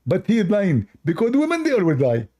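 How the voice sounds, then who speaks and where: A man doing a squeaky boastful braggart. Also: huge pitch swings, fairly quick, dark tone, full character voice. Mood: indignant. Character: boastful high-voiced man, insisting he doesn't spit.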